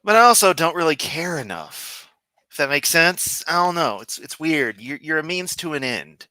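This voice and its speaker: A man from Memphis with a Southern accent, riffing sarcastically and goofily on a livestream. His voice is bright and forceful, and the recording is dry and close to the mic. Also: fairly high pitch, very animated, moderate pace, no echo. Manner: sarcastic, goofy, profane. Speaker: streamer host. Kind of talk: casual livestream commentary.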